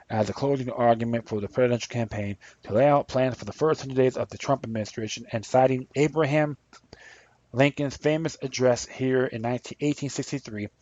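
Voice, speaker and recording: A man's voice: mid-range voice, a little mellow, no room sound. A man hosting a podcast, giving rambling, impassioned political commentary and reading articles aloud. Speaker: podcast host. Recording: dull lo-fi dry recording.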